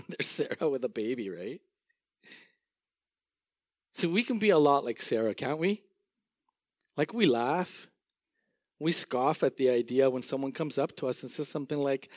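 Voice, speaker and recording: A man preaches a lively sermon, telling the story in vivid word pictures and often breaking into chuckles. His voice sits somewhat high for a man. The recording is dry and close. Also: dry recording. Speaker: pastor.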